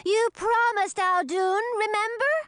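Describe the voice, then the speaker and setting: Brief: playful little dragoness, very high and squealing, dry close sound. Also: female voice, steady tone, unhurried, fairly bright tone, dry recording. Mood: excited.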